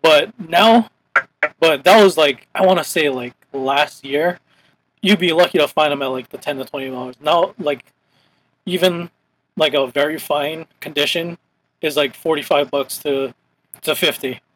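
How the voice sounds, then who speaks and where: A young man from Hawaii hosts a casual chat show, his voice sitting a little high for a man. He rambles along, stacking "like" into almost every phrase. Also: normal speed, fairly bright tone, slight background noise, rough recording. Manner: rambling, heavy use of "like" as filler. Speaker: podcast host.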